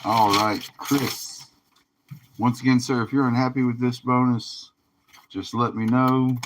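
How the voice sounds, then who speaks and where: Tired, slow-talking man hosting a card break. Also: mid-range voice, level tone, slight background noise. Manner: laid-back, drawling, laughs often. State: tired, yawning. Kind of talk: casual livestream commentary.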